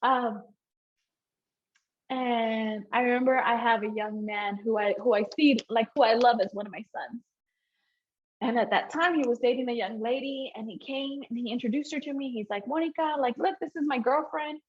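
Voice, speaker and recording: A woman telling her personal testimony to a church group, animated and informal, acting out the dialogue she recalls and often speaking to the audience directly. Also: a little high, normal speed, highs cut off. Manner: animated storytelling, acts out quoted dialogue, laughs often; informal, addresses audience as y'all and guys. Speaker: abuse counselor and youth mentor.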